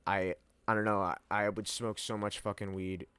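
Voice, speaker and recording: A man's voice: on the low side, level tone, normal speed, fairly bright tone, clear, resonant tone. A young man telling a rambling personal story, full of slang, swearing and laughter. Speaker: vlogger. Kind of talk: casual storytelling to camera.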